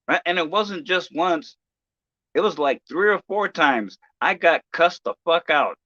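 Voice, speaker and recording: A man's voice: on the high side, lively intonation, bright, forceful tone, no echo, dull audio. Stammering, profane man ranting on stream. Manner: halting, many restarts and stammers, profane. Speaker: live streamer. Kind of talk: casual livestream rant.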